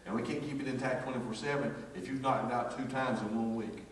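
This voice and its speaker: A man's voice: mid-range voice, quick pace. A man preaches from the pulpit, spinning a folksy workplace story and acting out each voice. His voice rings through a big echoey church sanctuary. He sits some way off the microphone, and a faint hum runs underneath. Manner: folksy, animated storytelling with acted quotes. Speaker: pastor. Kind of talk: storytelling sermon. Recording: echoey church hall from far off.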